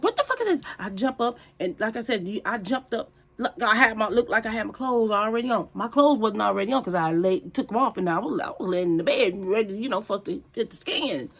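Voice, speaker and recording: A woman tells a storytime straight to her viewers in a casual, blunt way. She swears freely and keeps calling out to her audience, her telling animated and unfiltered. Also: mid-range voice. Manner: animated, blunt and profane, addresses viewers as y'all.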